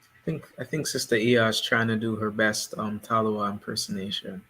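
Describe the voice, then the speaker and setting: A man co-hosting a casual panel discussion, speaking in a measured, explanatory way. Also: lowish voice, level tone, sharp tone. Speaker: podcast co-host.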